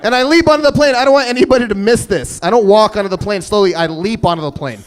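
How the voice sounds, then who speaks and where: A man in his thirties doing a stand-up comedy set, telling stories deadpan with sudden loud bursts. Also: sits high, fast, clean tone. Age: 30s. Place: comedy stage before a live audience.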